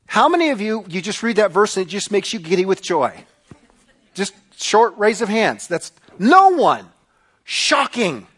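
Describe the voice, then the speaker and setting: A man preaching a sermon to a congregation, animated and acting out the voices he quotes. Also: high voice, moderate pace. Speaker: pastor.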